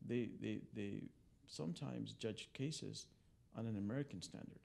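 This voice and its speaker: Gravelly-voiced male attorney briefing reporters. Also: on the low side, a little slow, darkish tone. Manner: conversational storytelling with many fillers and restarts. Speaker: immigration attorney. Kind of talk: press briefing talk. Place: press club briefing room.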